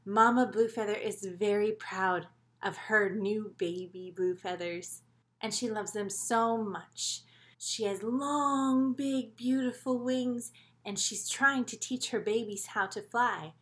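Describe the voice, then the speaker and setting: A woman teaching a children's story movement lesson in an animated, encouraging way. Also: mid-range voice, takes it slowly.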